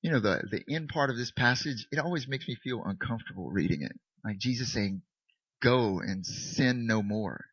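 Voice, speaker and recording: A male pastor delivering a sermon in a relaxed, candid style that pokes fun at himself. His voice is bright and forward with a husky grain. The sound is dry and a little dull. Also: medium pitch, fast talker, hardly any pauses, no room sound. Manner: candid, self-mocking, conversational preaching.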